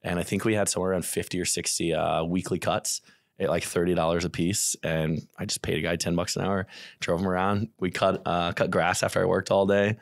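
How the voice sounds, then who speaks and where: Deep-voiced Midwestern man telling stories. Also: fairly quick, gravelly, no echo, studio quality. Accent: American Midwest. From St. Louis area, USA. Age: 30s. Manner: chatty storyteller, animated, acts out quotes. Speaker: podcast guest, real estate investor. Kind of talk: casual podcast interview.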